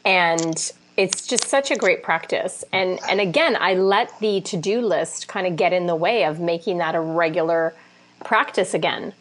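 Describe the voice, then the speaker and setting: Woman, casual chat, animated, laughs often, lots of fillers. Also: on the low side, moderate pace, a little hiss or hum. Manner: laughing, animated, self-deprecating storytelling; frequent fillers like "like" and "you know".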